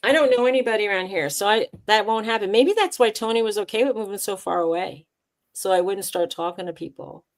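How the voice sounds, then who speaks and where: A woman's voice: mid-range voice, fast talker. A woman co-hosting a casual chat between friends, telling rambling anecdotes and laughing easily. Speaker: co-host.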